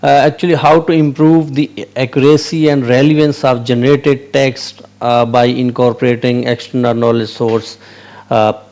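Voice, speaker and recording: Man, tutorial host: halting delivery, frequent fillers, mid pitch. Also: level tone, a little mellow. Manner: hesitant, many fillers and restarts, repeats "okay". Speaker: channel host explaining AI concepts. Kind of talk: whiteboard tutorial, unscripted.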